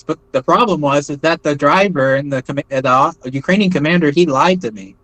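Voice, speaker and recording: A man telling his story as an interview guest in a loose, rambling way, full of fillers and quick "right?" checks. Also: a little high, a bit bright, dry recording, low-quality recording. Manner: rambling, many fillers and tag questions like "right?". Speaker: interview guest, former foreign volunteer fighter. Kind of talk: casual spoken storytelling.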